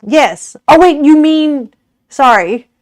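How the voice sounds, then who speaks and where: A woman's voice: high-pitched, animated, takes it slowly, no echo, studio quality. An Australian woman streamer chatting casually with her viewers while cooking, giggly and rambling, often correcting herself.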